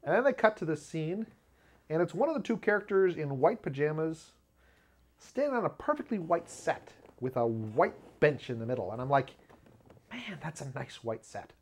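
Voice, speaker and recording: Rambling, self-mocking man hosting a show. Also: moderate pace. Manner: rambling, self-mocking, laughs at own jokes; lively pitch jumps when acting out quotes. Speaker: video show host. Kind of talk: casual comedic monologue. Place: home studio with black curtain behind.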